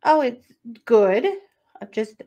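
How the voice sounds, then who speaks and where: Middle-aged female co-host, midrange pitch, conversational, rambling storyteller. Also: moderate pace. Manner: chatty, rambling with fillers and restarts, laughs easily. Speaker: podcast co-host. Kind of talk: casual podcast chat and case telling.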